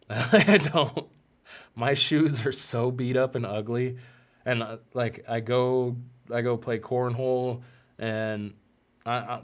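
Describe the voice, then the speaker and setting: A man hosting a podcast, speaking earnestly and emotionally in a heartfelt personal monologue, his voice softening and catching at times. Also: lowish voice. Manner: earnest and emotional, often choked up. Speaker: podcast host.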